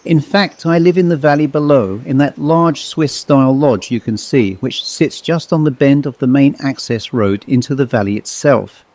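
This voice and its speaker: A man voicing a jolly, upper-class elderly English gentleman with an English accent and hearty, old-fashioned manner. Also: mid-range voice, normal speed, hardly any pauses, lightly acted. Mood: jovial.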